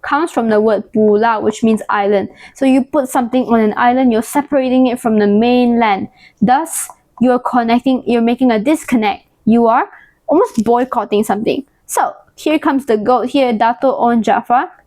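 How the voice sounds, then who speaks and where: A woman's voice: fairly high pitch, normal speed, darkish tone, dry recording. Lady tutoring history, jumps between languages, jokey little voices, dead dry mic. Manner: explains words, switching languages, playful acted asides. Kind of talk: casual exam-prep lesson.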